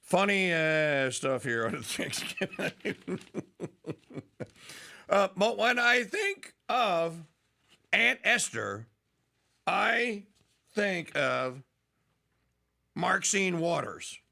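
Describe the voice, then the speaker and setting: A middle-aged man hosts a radio talk show in a slow, gravelly voice. He rambles, laughs and jumps into mock voices, his pitch swinging widely. The tone is bright and sharp. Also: big pitch swings.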